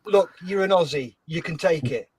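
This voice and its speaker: High-pitched guy hosting a stream, dry close mic, jokey, reads out comments. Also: expressive, moderate pace, darkish tone, breathy edge, dry recording. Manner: joking, reads viewer comments aloud. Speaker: livestream host. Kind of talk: casual chat. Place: a shed.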